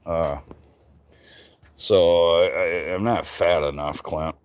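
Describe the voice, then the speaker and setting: A man's voice: sits low, steady tone, slow, clean tone. A man from Michigan who runs a tree business, chatting casually and swearing freely on a live stream from an outdoor work site. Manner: swears freely, loose rambling talk.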